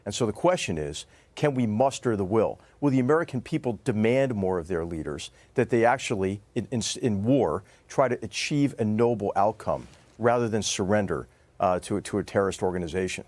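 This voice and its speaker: A man's voice: fairly low pitch, animated, fairly quick, darkish tone, no room sound. A man giving earnest commentary, with some stammered word repeats. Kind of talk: formal opinion commentary.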